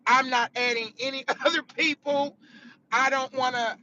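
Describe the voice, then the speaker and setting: A woman's voice: sits high, steady tone, moderate pace, bright, forceful tone, slight background noise. A woman content creator chatting candidly and profanely in a casual vlog from a car, laughing often. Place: in a car on the way to work. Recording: dull lo-fi sound.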